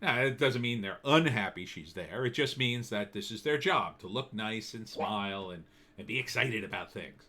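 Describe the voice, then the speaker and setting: A man's voice: on the low side, animated, normal speed, bright, forceful tone. A man giving an opinionated, sardonic commentary monologue in a loose, conversational way. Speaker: political commentator.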